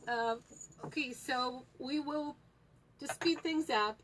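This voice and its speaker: A woman giving a casual tutorial, speaking with many pauses and fillers. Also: sits high, low-quality recording. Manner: unhurried, hesitant with many fillers. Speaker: tea reading instructor.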